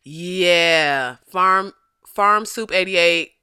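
Animated, laughing podcast host with a bright voice. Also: mid-range voice, drawn-out words, clean tone, dry recording, studio quality. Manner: animated, laughs often, slips into quoted voices. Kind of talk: casual comedic podcast chat.

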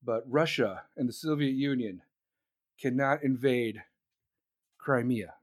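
Guy doing a soft low mumbly old president, lost and rambling. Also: natural voice. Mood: flustered. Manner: mumbling, meandering, halting. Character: confused, rambling elderly male president.

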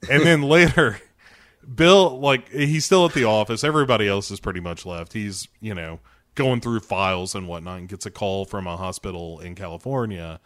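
Lively man retelling a show, low voice. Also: moderate pace. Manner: animated retelling, acting out quotes with swearing and laughs. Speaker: podcast co-host recapping a TV episode. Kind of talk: casual chat.

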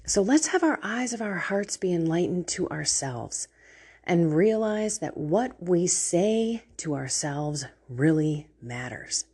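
Low-pitched husky woman, faith talk. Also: takes it slowly. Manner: animated storytelling, laughs often. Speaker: faith podcast host.

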